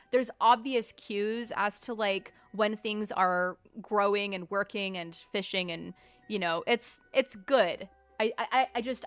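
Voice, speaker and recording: A woman with a fairly high, smooth voice gives casual live commentary on a cozy farming game. She is chatty and upbeat and keeps talking to her chat. The sound is dry and close to the mic. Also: fairly bright tone, no room sound. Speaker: streamer playing a farming game.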